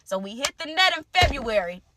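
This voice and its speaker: A young woman telling a personal story to her viewers in casual, animated speech, repeating phrases for emphasis. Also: sits high, a little fast, noisy background. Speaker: storytime creator.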